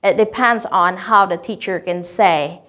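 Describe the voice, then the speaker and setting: A woman giving a teacher-training talk on teaching vocabulary, speaking clearly and deliberately and drawing out example words slowly. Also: mid-range voice, a bit bright.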